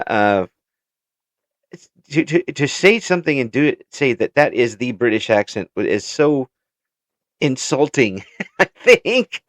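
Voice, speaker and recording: A man's voice: medium pitch, no room sound, clean studio sound. An American man hosting an interview in casual chat, stumbling over restarts and laughing often. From United States. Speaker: interview show host.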